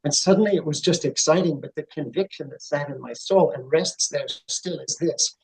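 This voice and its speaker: A man's voice: on the high side, moderate pace, creaky, hardly any pauses, darkish tone, rough recording. A middle-aged man, a podcast guest, telling his story in an earnest, reflective way that builds to fervent emphasis. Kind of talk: conversational interview storytelling.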